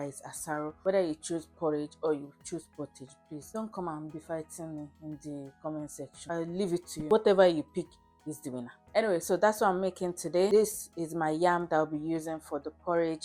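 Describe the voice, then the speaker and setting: A woman's voice: on the low side, darkish tone. Chatty Nigerian woman hosting a cooking vlog. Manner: chatty, playful, laughs often. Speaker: host. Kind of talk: casual cooking vlog chat. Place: home kitchen.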